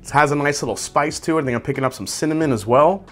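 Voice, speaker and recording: A man hosting a casual whiskey tasting review, describing tasting notes aloud in a relaxed, conversational way. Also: on the high side, racing, faint music behind. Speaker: whiskey reviewer, channel host.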